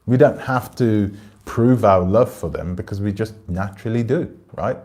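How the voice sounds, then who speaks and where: A man with a low voice talks loosely into the camera, rambling from one point to the next and picking up viewers' comments as he goes. His tone is dark and mellow, with a relaxed, conversational delivery. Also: normal speed. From Britain. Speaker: channel host. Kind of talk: casual livestream commentary.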